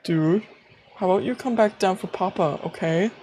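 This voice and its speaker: A man streaming live, chatting casually, excitable and quick to gasp, squeal and swear. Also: sits high, slight background noise. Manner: excitable, gasping and squealing with laughter.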